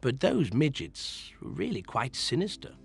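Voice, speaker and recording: An actor playing a vain, pompous older male film director, answering with deadpan self-importance in a mock-documentary interview. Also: medium pitch, unhurried, creaky.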